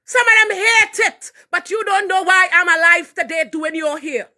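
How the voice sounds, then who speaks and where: High-pitched fervent Trinidadian woman preacher. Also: steady tone, moderate pace. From Trinidad and Tobago. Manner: fervent preaching delivery, rising to shouts. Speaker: minister and hairdresser. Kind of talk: impassioned live testimony.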